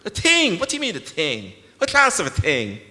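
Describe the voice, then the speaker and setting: A man's voice: sits high, huge pitch swings, moderate pace, sharp tone, voice pushed up, exaggerated voice. A man reading aloud, voicing an elderly, stern priest who scolds and frets in the confessional. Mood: scolding. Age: older than 60. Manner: scolding, exasperated, indignant. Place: large concert hall. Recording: long concert hall reverb.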